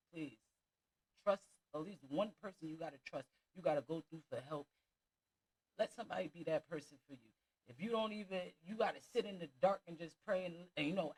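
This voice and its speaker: A woman's voice: lowish voice, a little mellow, poor audio. A woman vlogger giving casual commentary, emphatic and preachy, repeating her points for stress. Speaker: vlogger host.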